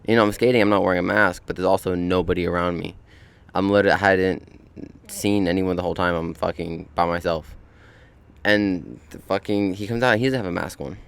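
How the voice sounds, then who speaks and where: A young man hosts a podcast out on a deck, telling a laid-back story packed with swearing and filler words. His voice is deep and steady, brisk, with some vocal fry, and the sound is clean.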